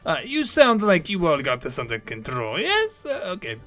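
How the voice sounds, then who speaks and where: A man's voice: on the high side, wildly swooping pitch, normal speed, fairly bright tone, soft background music. A man doing a fretful, flustered man. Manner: hesitant, fumbling.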